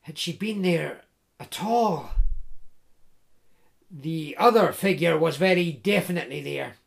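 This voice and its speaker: A man narrating a story in a measured way, with small restarts. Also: a little high, creaky.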